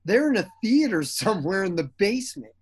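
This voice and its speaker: Male actor guest, animated storyteller, fairly high voice. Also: fairly quick, slightly rough. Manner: animated storyteller who acts out quotes, laughs often. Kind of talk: casual interview chat.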